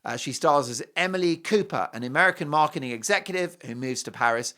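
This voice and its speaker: A man's voice: fairly high pitch, lively intonation, quick pace, pushed and bright. A man hosting a TV show, giving an opinionated, mocking monologue with heavy sarcasm and emphatic swings. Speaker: TV show host.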